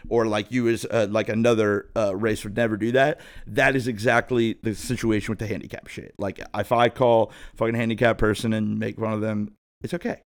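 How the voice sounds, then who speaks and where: A man's voice: on the low side, little pitch movement, fairly quick, hardly any pauses, clear, resonant tone. Profane rambling man telling stories. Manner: profane, rambling, laid-back. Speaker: podcast host. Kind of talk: casual storytelling monologue.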